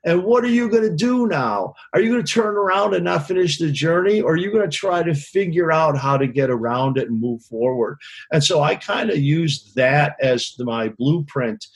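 Husky guy, lighting director type, rambling road stories in an interview, swears a lot, keeps saying you know what i mean. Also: a little high, moderate pace. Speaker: touring concert lighting director. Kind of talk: casual interview storytelling.

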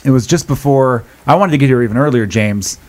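A man's voice: medium pitch, expressive, fairly quick, a little mellow. A young adult man hosting a podcast from a pub, rambling and self-deprecating in casual chat. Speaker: podcast host.

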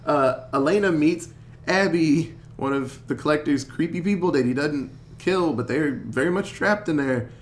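A man hosting a casual podcast chat, recapping a film in an animated way, swearing and acting out the characters' lines. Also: on the high side, normal speed.

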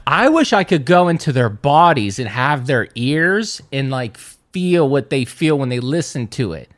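A man's voice: medium pitch, big pitch swings, a little slow, a bit bright. A man co-hosting a podcast in casual chat, teasing his co-host and laughing often.

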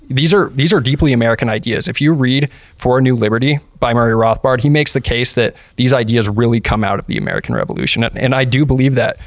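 Earnest podcast guest, mid-pitched man, dry close sound. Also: lively intonation, fast talker, few pauses, dry recording. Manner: earnest, many restarts. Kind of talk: casual political discussion.

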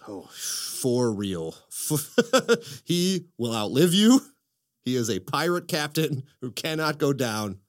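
A man hosting a casual podcast chat, excitable and profane, telling stories with lots of energy. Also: medium pitch, takes it slowly. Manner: excitable, profane, animated storytelling. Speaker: podcast host.

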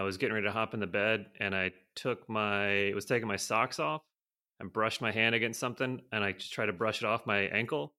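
A man co-hosting a casual podcast, telling a story animatedly and acting out the people in it. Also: fairly low pitch. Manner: animated storyteller, acts out quotes with laughs. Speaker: podcast co-host.

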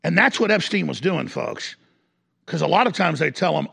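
A male talk radio host in an impassioned broadcast monologue. He rants with force, swinging between shouts and low growls. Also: sing-song, moderate pace, vocal fry, husky.

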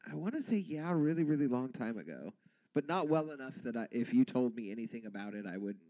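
A man's voice: medium pitch, big pitch swings, fast talker, warm tone, muffled recording. A man co-hosting a casual movie podcast, chiming in with short, wry remarks. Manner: brief agreeing interjections, wry. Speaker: podcast co-host. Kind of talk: casual movie review chat.

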